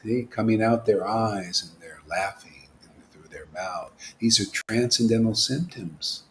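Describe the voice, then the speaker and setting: A man giving an informal, animated devotional talk as a spiritual teacher, dropping to whispers and rising to exclamations. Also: on the low side, measured pace, a little hiss or hum. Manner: animated preaching, swings from whispers to loud exclamations.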